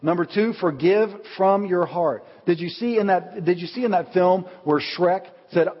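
A man preaching a sermon as pastor in a church, earnest, and slowing down to stress his key points. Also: sits high. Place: church sanctuary. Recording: long hall reverb, dull lo-fi sound.

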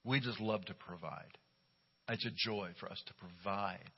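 Middle-aged pastor preaching in a reverberant hall. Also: male voice, lowish voice, measured pace, creaky, breathy edge. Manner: humorous, animated storytelling. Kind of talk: sermon. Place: church sanctuary. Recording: dull recording with long hall reverb.

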